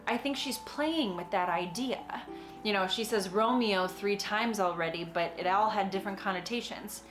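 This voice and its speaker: A woman's voice: mid-range voice, normal speed, roomy sound, music in the background. A young adult woman explaining a monologue line by line in a casual tutorial, chatty and explanatory, with frequent little laughs. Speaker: acting teacher explaining a monologue.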